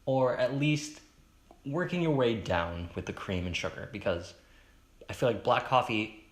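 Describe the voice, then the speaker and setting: A young man hosting a solo podcast, rambling and hesitant with many fillers and restarts, in a fairly monotone baritone. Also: a little slow, echoey room. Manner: self-conscious, chatty. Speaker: podcast host. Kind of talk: solo casual podcast monologue.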